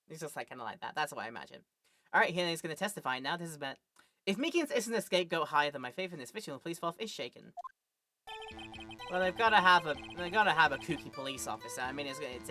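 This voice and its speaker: A woman streamer talking casually as she plays, reading lines aloud and breaking off for quick asides. Her voice moves around a lot in pitch, and she often stumbles and repeats words. Faint music plays under her talk. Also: expressive, bright, forceful tone. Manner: chatty, reads game dialogue aloud with stammers and asides.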